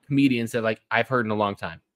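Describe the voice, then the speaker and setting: A young man co-hosting a casual golf podcast, telling stories with lots of "like" and "you know" and jumping into high, excited quoted voices. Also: quick pace, no echo. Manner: animated storytelling, jumps high when acting out quotes. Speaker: podcast co-host. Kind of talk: casual chat.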